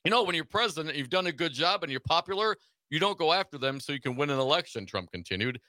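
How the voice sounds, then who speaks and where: A man's voice: on the high side, lively intonation, fast talker, pushed and bright, dry recording. A man co-hosting a casual political talk radio show, laughing often and reading news items aloud. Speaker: radio co-host.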